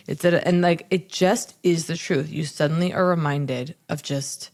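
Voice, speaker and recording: A woman's voice: sits low, moderate pace. A young woman co-hosting a podcast, telling stories in casual chat, swearing a lot and acting out what people said. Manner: animated storyteller, heavy swearing, acts out quotes. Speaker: podcast co-host.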